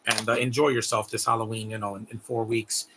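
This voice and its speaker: A man's voice: lowish voice, flat delivery, brisk, background noise. A man giving rambling, heartfelt live commentary on a movie, repeating words as he talks. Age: adult.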